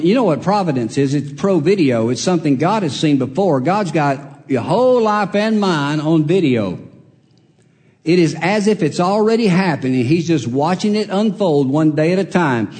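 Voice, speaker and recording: A man preaching a sermon with a folksy, storytelling manner, swinging between loud and soft passages. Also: fairly high pitch. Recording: long hall reverb.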